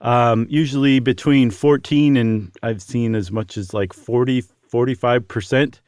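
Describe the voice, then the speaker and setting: A man's voice: medium pitch, steady tone, unhurried, a little mellow, dry recording, studio quality. A man co-hosting a podcast, chatting casually and explaining things with lots of fillers. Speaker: podcast co-host.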